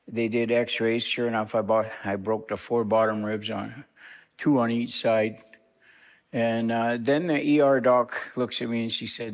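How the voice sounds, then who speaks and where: Older man telling his story, church reverb. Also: mid-range voice. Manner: plain, conversational storytelling with restarts. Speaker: guest minister. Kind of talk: telling a personal story to a congregation. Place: church sanctuary.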